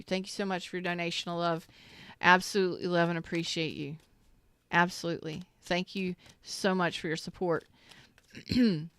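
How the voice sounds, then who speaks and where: A woman's voice: lowish voice, a bit bright, clean tone. A woman doing a live tarot reading on a stream, chatty and slangy, greeting viewers by name and repeating herself. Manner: swears casually, slangy.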